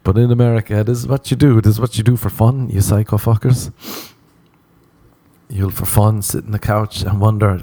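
A man's voice: on the low side, steady tone, normal speed, warm tone, no room sound. A young Irish man telling crude, self-mocking comic stories and laughing at his own jokes. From Ireland. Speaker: comedian. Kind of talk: comedic monologue.

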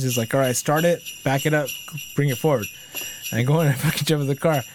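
A fast-talking man with a medium-pitched voice tells profane stories in casual chat, swearing constantly and animatedly acting out the people he quotes. The recording is noisy, with background hiss.

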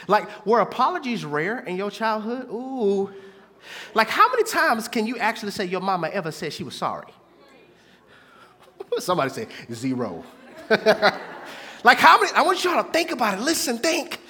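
High, lively preaching man. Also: normal speed, pauses often. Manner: call-and-response preaching, swinging from hushed to shouting. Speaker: pastor. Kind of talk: sermon.

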